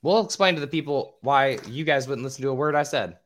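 A man hosts a loose podcast chat, mid-pitched and a little squeaky. He talks casually, trips over hard names and swears freely. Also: fast talker, a bit bright. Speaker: podcast host.

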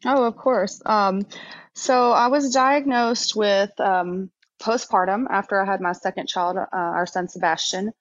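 A woman in her thirties, a podcast guest in a candid interview conversation, talking haltingly with many fillers and restarts and getting emotional. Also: mid-range voice, steady tone, no echo. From Texas. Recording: dull, slightly lo-fi dry sound.

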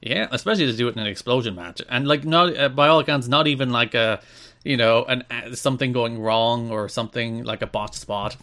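A man's voice: mid-range voice, fairly quick, sharp tone. An Irish man co-hosting a podcast, reading wrestling news and chatting with dry, wry asides. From Ireland. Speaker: podcast co-host.

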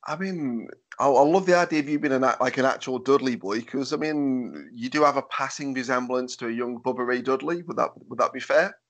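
A man's voice: medium pitch, fairly quick. Brief: Stoke-accented man, podcast host, casual chat, jokey, stumbles over his words. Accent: Stoke-on-Trent. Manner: stammering restarts, laughs often, jokey.

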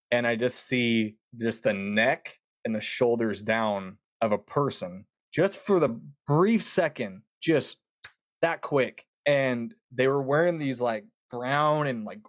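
A man casually telling a long story, animated and quoting himself often with words like "dude". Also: medium pitch, no room sound, clean studio sound. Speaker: podcast guest.

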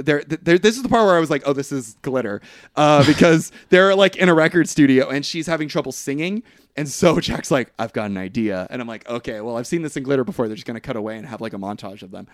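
A man recapping a movie, animated, dry mic. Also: medium pitch, no room sound. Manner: animated storytelling, quotes characters in put-on voices, laughs often. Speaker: podcast co-host. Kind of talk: casual movie recap chat.

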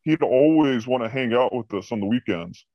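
A man's voice: medium pitch, moderate pace, dry recording, muffled recording. A man telling a story about a former boss in casual podcast chat, swearing freely and acting out scenes. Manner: profane, animated anecdote telling. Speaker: podcast guest recounting a job.

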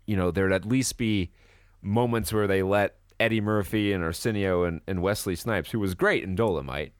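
A man co-hosting a podcast, chatting casually about a movie, animated and swearing freely as he acts out lines from trailers. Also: low-pitched, moderate pace, clear, resonant tone, no room sound, clean studio sound. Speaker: podcast co-host. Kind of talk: casual movie review chat.

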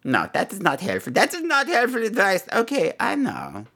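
Campy gargoyle host, played by a man, crude, theatrical, bright tone, big pitch swings. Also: wildly swooping pitch, moderate pace, gravelly. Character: crude self-made gargoyle advice host. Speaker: advice show host playing a gargoyle. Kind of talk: comedy podcast advice segment.

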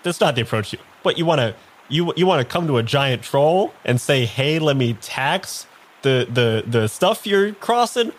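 A man's voice: medium pitch, animated, moderate pace, voice pushed up, lightly acted. A man doing a weary, grumbling bridge troll. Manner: frank, rambling, complaining.

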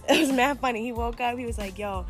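A young woman with a slightly high voice chats casually as a co-host. She tells stories bluntly and profanely, in an animated way. Faint music plays behind her. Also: moderate pace. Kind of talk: casual chat.

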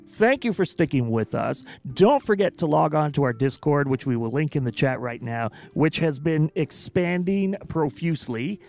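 Guy co-hosting a stream, kinda high voice with gravel in it, jokey and chatty. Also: expressive, normal speed, hardly any pauses, darkish tone. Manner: chatty, jokey, lots of fillers. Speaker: stream co-host. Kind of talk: casual stream announcements.

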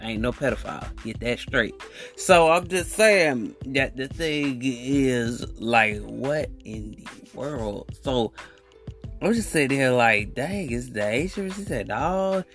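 A man's voice: medium pitch, slow pace, soft background music. Slangy young man telling a story. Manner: animated, slangy, rambling, acts out quotes. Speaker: podcast host. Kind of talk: casual storytelling monologue.

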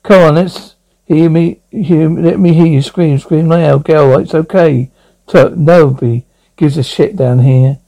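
A man's voice: fairly high pitch, steady tone, a little slow, creaky, mellow, poor audio. A man voicing a cruel male trafficker who taunts his captives in a sneering way. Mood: menacing.

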